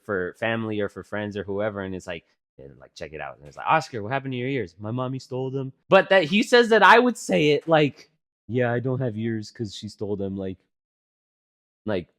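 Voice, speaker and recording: Brisk and mid-range, the voice of a twenty-something podcast co-host carries rambling, profane anecdotes. It's casual, animated talk riddled with fillers.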